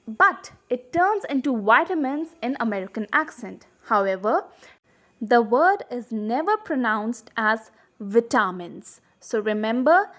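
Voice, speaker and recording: A woman with a fairly high voice teaches English pronunciation in an online lesson. She speaks clearly and deliberately. She says each example word carefully so viewers can copy it. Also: fairly bright tone.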